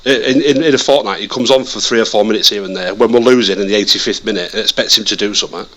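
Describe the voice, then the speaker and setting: A man chatting casually about football as a podcast co-host, animated and often repeating words as he restarts his sentences. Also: lowish voice, fast talker. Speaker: podcast co-host, Leeds fan.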